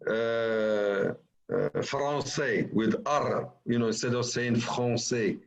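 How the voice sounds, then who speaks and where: A man from Morocco hosting a webinar discussion over a video call, explaining slowly with many fillers. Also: medium pitch, fairly even intonation, creaky, low-quality recording. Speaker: webinar host. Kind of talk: casual online discussion.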